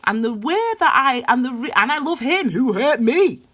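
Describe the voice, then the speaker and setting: Fiery, bright-voiced woman tarot reader. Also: high voice, animated, moderate pace. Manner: passionate and blunt, swings from loud emphasis to hushed intensity. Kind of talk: intuitive tarot reading, spiritual pep talk.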